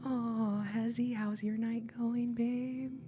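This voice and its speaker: A young woman hosting a live ASMR stream, chatting in a soft whisper and giggling often. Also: a little high, little pitch movement, takes it slowly, music in the background. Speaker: ASMR livestream host.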